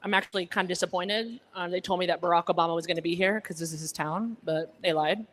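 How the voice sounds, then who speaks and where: A woman's voice: lowish voice, steady tone, fast talker, a bit bright. Teasing woman doing stand-up. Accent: American, Connecticut-like. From Egypt, raised in Alabama. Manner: chatty, teasing the crowd, self-deprecating. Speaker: stand-up comedian at a gala. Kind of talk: stand-up comedy set. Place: banquet hall with a live audience.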